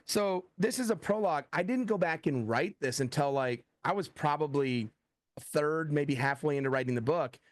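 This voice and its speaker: A man's voice: fairly high pitch, normal speed, no room sound. A middle-aged American man, a thriller author, chatting in an interview, telling stories animatedly and acting out quoted dialogue. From USA. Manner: animated storyteller, acts out quoted dialogue, frequent "like". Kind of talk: casual interview talk.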